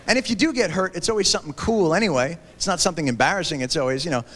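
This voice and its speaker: A man in his thirties performing a stand-up comedy routine on stage, acting out characters in quick voices, recorded from a 1990s TV special on VHS with audience laughter. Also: a little high, fairly bright tone, a little hiss or hum. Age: 30s. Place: theater stage before a live audience. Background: audience laughter and applause.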